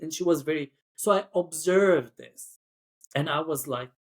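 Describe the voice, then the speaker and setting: In a slightly slow, somewhat high voice, a man who works as cabin crew tells a chatty, podcast-style story. He leans on "like" a lot and gives each quoted person their own acted-out voice.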